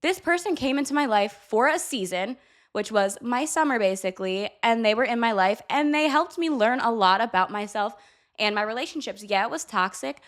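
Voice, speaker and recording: A young adult woman chatting candidly to camera, giving blunt life advice and swearing casually. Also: on the high side. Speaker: vlogger.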